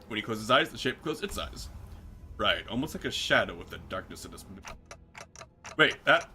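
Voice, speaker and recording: Animated man reading a game aloud. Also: mid-range voice. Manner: animated, joking, swears. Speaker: game streamer.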